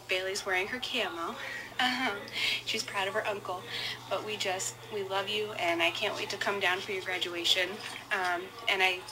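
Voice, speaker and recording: A woman with a lowish, flat voice, earnest and a little hesitant as she encourages a family member. Steady background noise hums behind her. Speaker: relative sending a message. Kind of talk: heartfelt recorded message.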